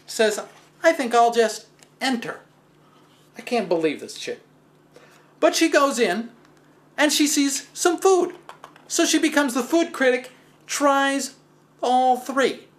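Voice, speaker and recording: A man hosting a stand-up style physics talk, telling stories with wry, animated asides and self-deprecating humor. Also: very high-pitched. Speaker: host.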